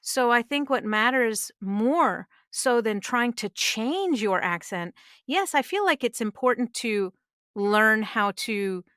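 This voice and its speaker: A middle-aged woman speaks as a guest on a podcast with earnest conviction, pressing her points with emphasis. Her voice is smooth and resonant. The sound is close and dry. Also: fairly high pitch, lively intonation, takes it slowly, fairly bright tone, dry recording. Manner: earnest, emphatic advice-giving. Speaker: voice actress guest. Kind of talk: conversational interview. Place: podcast studio.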